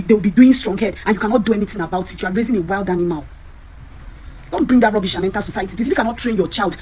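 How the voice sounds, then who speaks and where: A woman in an angry rant, scolding and exasperated, shouting in bursts. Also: medium pitch. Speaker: clip speaker. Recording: faint background noise.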